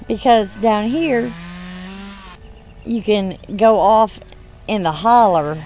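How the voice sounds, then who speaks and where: Soft background music plays as this gaming channel host chats slowly over gameplay, rambling and laughing between words. Born in Michigan and raised in the US South, she has a Southern accent and a mid-range, darkish voice.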